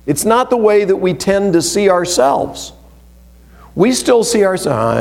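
In an unhurried, animated sermon marked by vocal fry, a pastor addresses his congregation. His scripture reading is emphatic, and he moves back and forth between forceful, stressed phrases and low, murmured asides.

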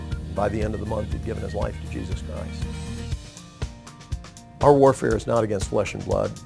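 A man preaching on a radio program, telling a story with dramatic pauses and slowing down for emphasis. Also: fairly low pitch, creaky. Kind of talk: sermon storytelling.

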